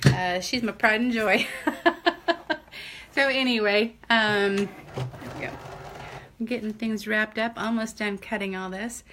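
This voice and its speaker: Southern older lady chatting on a craft livestream, bright clear voice, laughs a lot, says hi to viewers. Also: mid-range voice, steady tone, measured pace, long pauses, slight background noise. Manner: chatty, laughs often, greets viewers by name. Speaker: crafter hosting a live stream. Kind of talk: casual live-stream chat.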